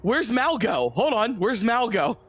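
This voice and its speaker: Player, man, high and lively voice, bright tone, excitable and profane. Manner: excitable, swears, quick reactions. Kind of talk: casual game chat.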